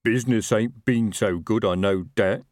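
A man voicing a slow-witted, chatty male troll worker with a rambling, working-class manner. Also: lowish voice, a little mellow, no room sound, studio quality, close to an everyday voice.

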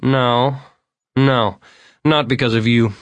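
A man's voice: medium pitch, fairly even intonation, slow, no echo, natural voice. A man voicing a tired, guarded man who answers in short, clipped lines. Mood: weary. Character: weary, terse, guarded slight man.

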